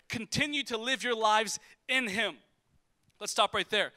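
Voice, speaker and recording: A young male pastor delivers a sermon from a church stage, moving from comic personal stories into earnest teaching. His voice sits high and rings bright and forceful. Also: moderate pace. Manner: lively, joking storyteller who shifts to preaching. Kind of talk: sermon with storytelling. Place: church stage before a congregation.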